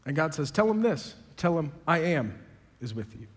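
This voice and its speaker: A man preaching a sermon, telling dialogue in conversational voices and building to loud, emphatic peaks. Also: a little high, sing-song, moderate pace. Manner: quotes dialogue in conversational voices, self-described sarcastic. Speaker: pastor. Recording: long hall reverb.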